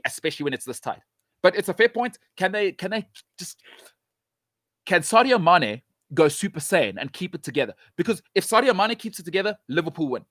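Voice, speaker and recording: A man's voice: on the high side, a bit bright, no echo, studio quality. A man hosting a show, talking football in an emphatic, sarcastic way and hammering his points home with repetition. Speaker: show host. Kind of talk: opinionated football talk.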